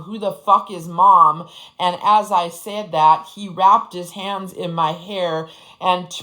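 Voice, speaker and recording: A woman's voice: on the low side, a bit bright, low-quality recording. A woman from Upper Michigan telling her own story to her audience in a blunt, profane, casual way, often calling her listeners "bestie". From Upper Michigan, United States.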